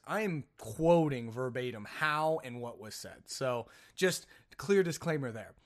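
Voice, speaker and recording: A man's voice: mid-range voice, normal speed, hardly any pauses, fairly bright tone. Rambling, jokey male podcast host. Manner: rambling, jokey storytelling with self-mocking asides. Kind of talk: casual solo podcast monologue.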